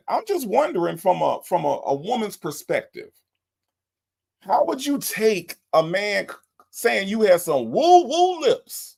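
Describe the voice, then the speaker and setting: A man hosts a live stream, reacting to a recorded call and talking straight to his chat. His gravelly voice swings widely in pitch as he repeats his questions in disbelief. He chats loosely and casually with his viewers. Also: sing-song, a little slow, a little mellow. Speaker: livestream host reviewing a recorded call.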